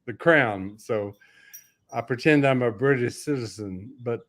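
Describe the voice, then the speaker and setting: A man's voice: mid-range voice, measured pace, fairly bright tone. A man from Texas joking and rambling in casual livestream chat. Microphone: livestream mic.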